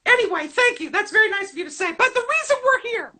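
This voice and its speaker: Toiley T. Paper, a squeaky, bright toilet paper roll puppet host. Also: male voice, lively intonation, quick pace, full character voice. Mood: chipper. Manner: bubbly, eager interviewer with corny puns. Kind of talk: comedic puppet talk show.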